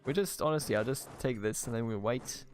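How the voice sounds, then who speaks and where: A man's voice: mid-range voice, brisk. A man with a German accent giving casual, jokey let's-play commentary on a strategy game, thinking aloud with restarts. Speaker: gaming YouTuber.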